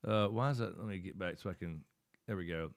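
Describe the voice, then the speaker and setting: A man's voice: sits low, fairly quick, no echo, clean studio sound. A middle-aged man hosting a live stream. He chats casually and rambles, thinking aloud while he works his screen.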